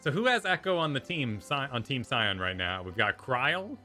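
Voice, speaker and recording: A man casually talking through a video game story with his co-host, animated and jokey. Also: mid-range voice, moderate pace, soft background music. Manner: animated, jokey, puts on silly voices for characters. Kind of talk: casual gaming stream chat.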